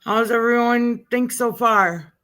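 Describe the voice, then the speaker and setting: A woman's voice: a little high, fairly bright tone. A woman hosting a live stream, chatting casually and joking while commenting on a trial. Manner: chatty, joking, drawn-out words. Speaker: livestream host commenting on a trial.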